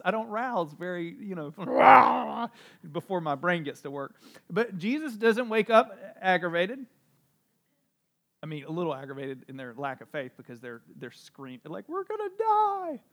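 A man with a high voice preaches a sermon in an easy, conversational way. He jumps from loud, stressed phrases to quiet, low asides and slips in light jokes about himself. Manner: conversational, animated, with asides and self-deprecating humor; strong swings between loud emphasis and soft low delivery. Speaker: pastor.

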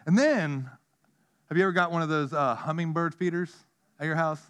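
A man preaching with a fairly high voice. He tells stories with animation, drops to a quiet hush at times, then climbs back up to a loud, excited pitch. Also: normal speed, clean tone. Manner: animated storytelling, swinging from hushed to loud. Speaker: pastor. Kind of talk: sermon.

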